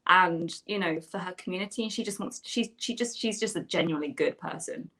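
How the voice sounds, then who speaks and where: A woman's voice: lowish voice, fairly quick, pushed and bright. An actress, a woman, chatting enthusiastically and at length as a guest in a video call interview.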